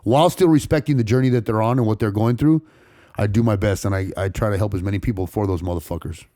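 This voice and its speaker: A low-voiced man rattles through his story at a fast clip, cursing freely and restarting sentences as he goes. His tone is dark and mellow. The recording is dry and close, with no room sound. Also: no echo. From San Fernando Valley, California. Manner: rapid, profane street talk with frequent restarts. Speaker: podcast guest. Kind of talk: casual storytelling interview.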